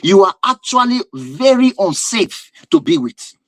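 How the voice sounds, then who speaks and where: A man's voice: very high voice, big pitch swings, a little slow, a bit bright, dry recording, low-quality recording. A man speaking as a relationship teacher who addresses his viewers in an emphatic, repetitive lecture and often asks rhetorical questions. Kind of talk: lecture-style talk to viewers.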